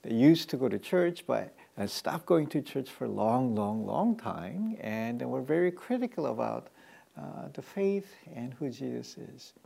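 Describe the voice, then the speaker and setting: Gravelly, dark-voiced male pastor preaching. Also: mid-range voice, big pitch swings. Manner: halting, with frequent fillers and restarts. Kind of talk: sermon.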